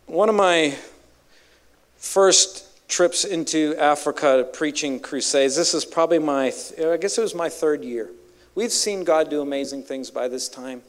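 A man's voice: fairly high pitch, unhurried. A male evangelist preaching a sermon with emphatic, dramatic storytelling.

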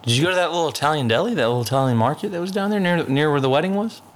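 A man's voice: a little high, very fast, slight background noise. A man telling funny stories in casual chat and acting out what people said to him. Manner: animated storyteller acting out quoted dialogue.

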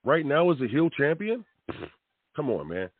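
A man's voice: a little high, wildly swooping pitch, moderate pace, husky, no room sound. A man hosting a wrestling talk show, giving fiery, rambling opinions full of slang and pleading asides. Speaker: radio host. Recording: tinny phone-like dry sound.

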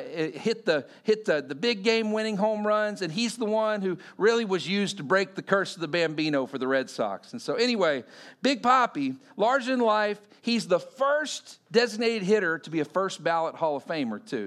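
A man preaching a sermon, telling stories and acting out the quotes in them. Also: high voice. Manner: animated storytelling, acting out quotes.

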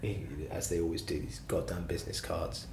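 Low-ish guy, singer-songwriter rambling about his career, self-deprecating, echoey room. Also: monotone, a little fast, creaky, darkish tone, slight background noise. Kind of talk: casual interview chat. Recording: roomy echo, faint ambience.

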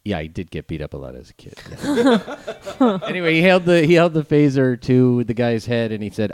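A man's voice: mid-range voice, big pitch swings, moderate pace, a little mellow, dry recording, clean studio sound. A man in casual conversation, telling a long rambling story in stop-start bits. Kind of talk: casual chat.

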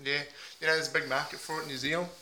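A man putting on a rough, down-on-his-luck bloke character with a broad put-on Australian accent, talking mock-earnestly and ending nearly every sentence with "mate". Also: a little high, level tone, racing, sharp tone, slight background noise, low-quality recording. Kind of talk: improvised comedy character.

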